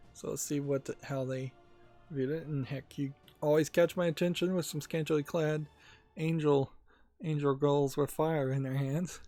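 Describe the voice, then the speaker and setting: A man hosting a gaming channel, talking casually about game news in a rambling, halting way with many fillers. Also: a little high, gravelly, dark tone, no echo.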